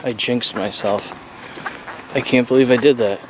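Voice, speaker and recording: A man's voice: medium pitch, fairly even intonation, moderate pace, noisy background. A man in his thirties talking in a sarcastic, profane, ranting way in a casual vlog.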